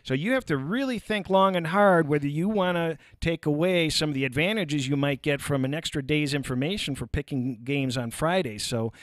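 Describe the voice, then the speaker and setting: A man's voice: fairly high pitch, dry recording. Male betting analyst guest, rambly with lots of "uh", dry studio sound. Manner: halting, filler-heavy explaining. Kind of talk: sports talk radio chat.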